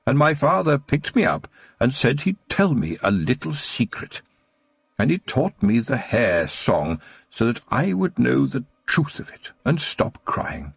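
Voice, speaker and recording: A man's voice: medium pitch, very animated, unhurried, gravelly, husky, dry recording, faint music behind, heavily acted. A man doing a frail, tearful old baron. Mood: joyful. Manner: trembling, wistful old man's voice. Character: frail elderly male baron, tearful and joyful.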